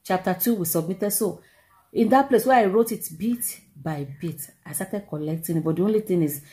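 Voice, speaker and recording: Mellow-voiced Nigerian woman telling a story. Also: lowish voice, moderate pace. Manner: animated, exclamatory, repeats herself for emphasis. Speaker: vlogger. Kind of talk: casual storytelling to camera.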